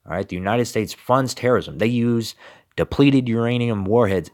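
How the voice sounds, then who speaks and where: A man's voice: mid-range voice, normal speed. A man giving emphatic political commentary and reading scripture, with repeated rhetorical questions. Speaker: religious commentator.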